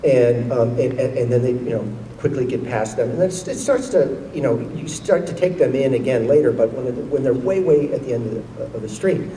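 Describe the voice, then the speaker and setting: A man's voice: medium pitch, lively intonation, moderate pace, few pauses, warm tone. A man telling a story on stage to an audience, rambling with many fillers. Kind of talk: anecdote to an audience. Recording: roomy hall, far from the mic, faint noise.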